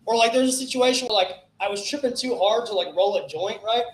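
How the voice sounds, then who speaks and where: A man with a raspy, hoarse voice doing a profane, rambling stand-up set about drug trips at an open mic. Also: sits high, animated, brisk. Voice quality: raspy from festival flu. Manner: profane, rambling stoner storytelling. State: hoarse, coughing. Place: small comedy club stage. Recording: echoey club room.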